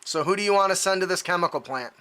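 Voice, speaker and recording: A man's voice: sits high, rapid-fire, sharp tone. A man narrating a tabletop game as game master, loose and laughing, with plenty of fillers.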